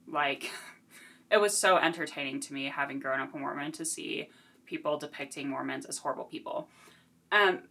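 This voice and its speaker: A woman's voice: deep voice, normal speed, a bit bright. A woman chatting casually through a book review, giggly and self-deprecating.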